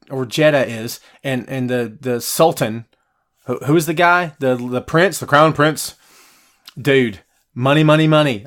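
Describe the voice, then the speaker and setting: A man whose voice sits on the high side and sounds a bit bright hosts a casual wrestling podcast livestream. He rants passionately and bluntly while answering viewer comments, speaking in slang and repeating himself often.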